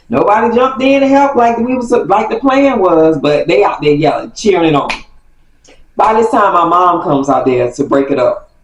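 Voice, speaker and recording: A woman tells a family story in a casual storytime style. She is animated, stops to correct herself, and laughs along the way. The recording has a roomy echo, with her voice sitting away from the mic. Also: fairly low pitch, distant mic, a little hiss or hum. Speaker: storytime vlogger.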